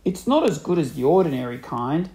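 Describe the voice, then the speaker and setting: A man voicing a mean, gloating old husband in a storybook reading, loud and teasing. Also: fairly high pitch, very animated, fairly quick. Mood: grumbling.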